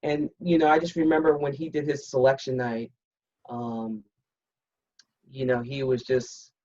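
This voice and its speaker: A woman's voice: a bass voice, unhurried. A woman in her fifties, a retired military pilot, candidly telling a story on a podcast and acting out the dialogue. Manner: candid and blunt, animated retelling with quoted dialogue. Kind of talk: casual interview storytelling. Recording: slightly muffled, dull recording.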